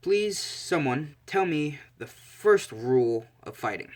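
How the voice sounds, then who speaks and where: A man's voice: medium pitch, normal speed, fairly bright tone, natural voice. A man voicing a cocky, sarcastic young male assassin working as a bodyguard, in an offhand way. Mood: sardonic.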